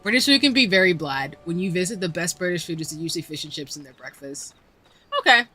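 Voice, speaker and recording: A woman chats casually while she plays, talking back to her viewers in loose, slangy speech. Her voice is bright and sharp, and her pitch swings up and down through every sentence. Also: expressive, fast talker, slightly rough, soft background music. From United States. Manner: chatty and slangy, reading chat aloud. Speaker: streamer. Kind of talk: casual chat while playing a game.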